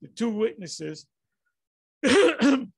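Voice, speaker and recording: Rambling man with a gravelly voice. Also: very high-pitched, very animated, very slow, no echo. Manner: rambling, frequent restarts and fillers, exasperated. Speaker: religious commentary vlogger. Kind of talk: casual rambling commentary.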